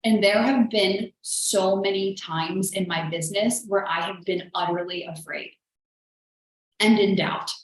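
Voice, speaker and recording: A woman's voice: medium pitch, a little slow, a little hiss or hum. A woman business coach hosting a live show, talking in a chatty, earnest, motivational way with lots of "like". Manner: chatty and earnest, heavy use of "like". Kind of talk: motivational live-stream talk. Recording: very echoey room.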